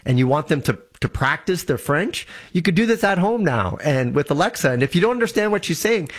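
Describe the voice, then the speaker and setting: A man's voice: on the high side, animated, fairly quick. A man explaining tech in an eager, casual way, often restarting his sentences. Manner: enthusiastic, restarts a lot. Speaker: tech guest on a show.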